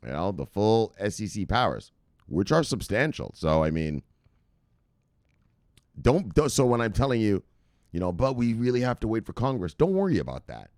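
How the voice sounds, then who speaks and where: A man's voice: fairly low pitch, very animated, normal speed, darkish tone, no echo, clean studio sound. A man hosting casual crypto news commentary, reading headlines aloud and rambling off into laughing, profane asides.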